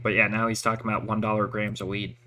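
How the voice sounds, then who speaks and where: A man's voice: on the low side, little pitch movement, quick pace, pushed and bright. A man and army veteran telling stories in profane, rambling casual chat. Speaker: veteran chatting with a listener.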